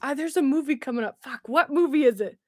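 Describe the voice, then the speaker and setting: A woman's voice: sits high, quick pace. A woman hosting a casual live stream, chatting and reading comments with a giggly, self-mocking manner. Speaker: streamer host.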